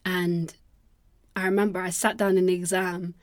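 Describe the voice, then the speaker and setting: A woman's voice: on the low side, level tone, moderate pace, no room sound, studio quality. A young woman hosting a solo podcast, chatting casually in a rambling, self-deprecating way with plenty of swearing. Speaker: podcast host.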